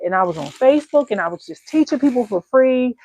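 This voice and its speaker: A woman candle-making coach telling stories to her viewers in an animated, colloquial, chatty way. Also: fairly high pitch, fast talker, husky. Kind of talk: casual storytelling to viewers.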